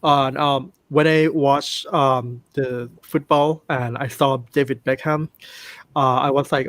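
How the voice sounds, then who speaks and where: A man from Thailand speaking English with a Thai accent, chatting casually with many pauses and restarts. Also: medium pitch, steady tone, a bit bright, dry recording. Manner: hesitant, many ums and restarts. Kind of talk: casual chat.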